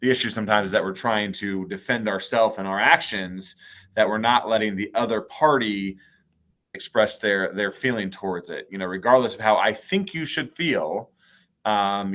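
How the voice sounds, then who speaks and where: Man host, lowish voice, casual questions on a video call, a few restarts. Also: a little fast, fairly bright tone. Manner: conversational, hesitant restarts while asking.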